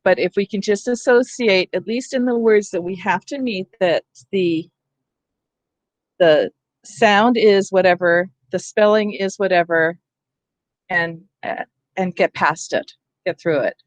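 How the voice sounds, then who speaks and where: A woman's voice: medium pitch, a little slow, no echo. A woman leading a teacher training session on reading, explaining in a conversational way and often checking in with her listeners. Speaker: literacy trainer.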